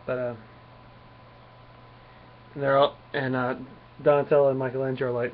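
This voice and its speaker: A man's voice: medium pitch, little pitch movement, moderate pace, pauses often. A man casual comic reviewer, rambling recap with lots of uhs, dull lo-fi sound with faint hiss. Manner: rambling plot retelling with many fillers.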